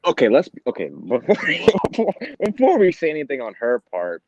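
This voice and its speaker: Excitable swearing man in casual chat. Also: medium pitch, normal speed, highs cut off, noisy background. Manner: excitable, swearing, laughs a lot. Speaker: podcast co-host.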